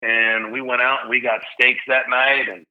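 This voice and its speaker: A man in his thirties, a podcast guest, telling an emotional story and getting loud as he relives the big moments. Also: medium pitch, normal speed. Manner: animated, shouts when reliving big moments. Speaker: guest, stadium PA announcer. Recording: slightly dull lo-fi sound.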